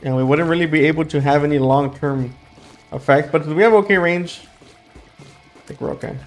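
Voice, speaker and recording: A man's voice: fairly high pitch, a little fast, faint music behind. A young man with a dry throat and a sleepy late-night voice, chatting casually while playing a game and rambling through his thoughts with fillers. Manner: rambling, thinks aloud with fillers and restarts. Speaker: gaming YouTuber. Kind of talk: casual gameplay commentary.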